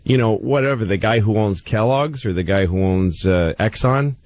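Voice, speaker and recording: A man's voice: lowish voice, moderate pace, darkish tone, dry recording, highs cut off. A middle-aged man, a comedian on a radio talk show, telling stories in a sarcastic, rambling way. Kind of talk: casual radio chat.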